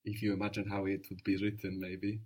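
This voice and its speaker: A man teaching a spoken language lesson, patient and encouraging, explaining slowly and repeating words. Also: sits low, completely flat delivery, husky.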